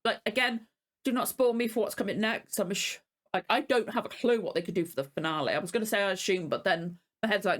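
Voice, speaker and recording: A reaction channel host speaks fairly quickly in a mid-range voice, chatting casually in her vlog. She's teary and emotional, gushing and rambling with many restarts.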